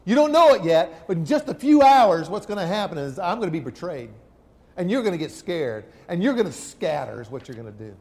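A man voicing Jesus as a calm teacher foretelling betrayal, in plain conversational speech. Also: high-pitched, a little fast. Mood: solemn. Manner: earnest, conversational retelling. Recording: long hall reverb.

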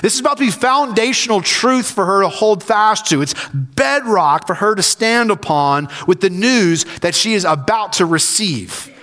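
High-pitched guy preaching in a big echoey church, earnest, says things over and over. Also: expressive, moderate pace, pushed and bright. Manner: earnest, repeats key phrases for emphasis. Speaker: senior pastor. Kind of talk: sermon.

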